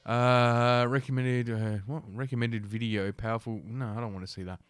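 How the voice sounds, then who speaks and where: Podcast host, male, mid pitch, sardonic, hesitant delivery full of "uh"s, close dead mic. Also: flat delivery, clean tone, no room sound. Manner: sarcastic, halting, many filler sounds. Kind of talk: reading news aloud with mocking commentary.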